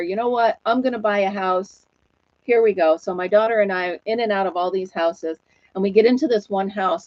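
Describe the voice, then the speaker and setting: A woman's voice: medium pitch, dry recording. A woman in her forties hosting a casual livestream, chatty and laughing often as she reads comments. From New York State. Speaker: livestream host chatting with viewers. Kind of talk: casual chat. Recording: dull, dry sound.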